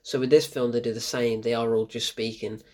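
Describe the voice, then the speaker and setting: A man's voice: medium pitch, flat delivery, fairly quick, darkish tone. A young man giving a chatty film review, bemused and exasperated, often laughing at what he describes. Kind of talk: casual spoken film review.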